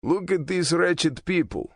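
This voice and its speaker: A man's voice: fairly high pitch, animated, a little slow, creaky, no room sound, clean studio sound, voice pushed up, heavily acted. A man narrating an audiobook voices a bitter, blunt male president who growls his words with venom.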